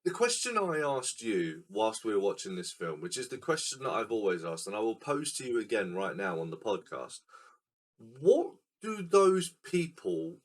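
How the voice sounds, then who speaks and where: A man's voice: fairly low pitch, very animated, a little fast, hardly any pauses. A man co-hosting a casual film podcast, explaining scenes and acting them out in silly voices. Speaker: podcast co-host. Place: recording room.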